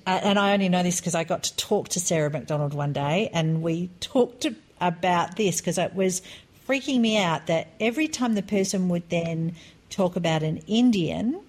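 A woman in her forties co-hosting a podcast, chatting casually and telling animated stories. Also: lowish voice. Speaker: podcast co-host. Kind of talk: casual chat.

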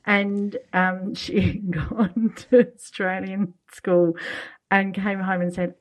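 A woman's voice: medium pitch, fairly even intonation, a little slow, low-quality recording. A middle-aged woman telling family stories in a casual chat, laughing often as she talks. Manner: chatty storyteller, laughs often.

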